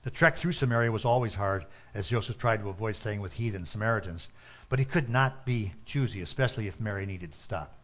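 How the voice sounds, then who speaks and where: A man narrating a story with a steady, earnest reading manner. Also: on the low side, a little fast.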